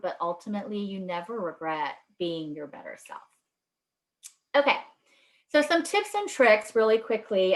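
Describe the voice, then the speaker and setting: A woman speaks to a group about handling hard conversations, in a relaxed and reassuring way. Her voice sits at a middle pitch. She often ends points with "right?" and briefly acts out what people might say. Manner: acts out short quoted lines with lifts in pitch. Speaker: speaker giving advice. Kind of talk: presentation to a group.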